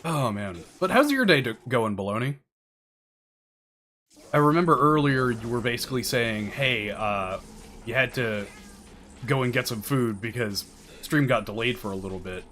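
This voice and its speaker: A man's voice: medium pitch, expressive, normal speed, pauses often, fairly bright tone, a little hiss or hum. A man streaming a game, chatting casually with viewers and explaining tactics, swearing now and then. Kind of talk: casual gameplay commentary. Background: game music.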